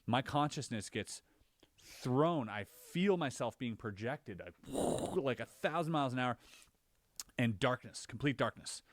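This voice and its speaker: A man on a podcast, casually recounting his own experiences as an animated storyteller whose voice jumps higher when he relives the scary parts. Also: measured pace, dry recording. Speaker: podcast co-host.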